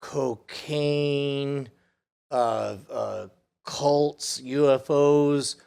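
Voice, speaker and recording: A man's voice: medium pitch, drawn-out words, vocal fry, darkish tone, clean tone. A man co-hosting a podcast, joking wryly about a TV episode in casual chat. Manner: wry, joking, chuckles between phrases. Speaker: podcast co-host.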